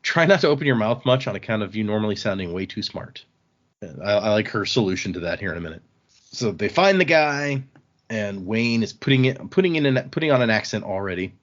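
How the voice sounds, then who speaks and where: A man casually recapping book chapters on a podcast, relaxed and chatty, quoting characters as he goes. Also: lowish voice, fairly quick. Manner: relaxed, chatty retelling with small restarts. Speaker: podcast host. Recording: slightly dull lo-fi mic audio.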